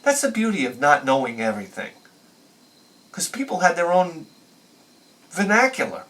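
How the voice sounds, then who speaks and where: A man with a bright, somewhat high voice tells long, rambling stories. He swears freely and laughs at his own jokes. He sits a bit back from the microphone. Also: sing-song, moderate pace, far from the mic. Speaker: retro game channel host. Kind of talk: rambling storytelling review.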